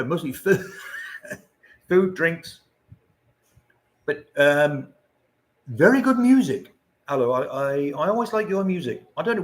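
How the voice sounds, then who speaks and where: An older man hosting a casual livestream, chatting to viewers in a rambling way and chuckling often. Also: a little high. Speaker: livestream host. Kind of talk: casual live-stream chat.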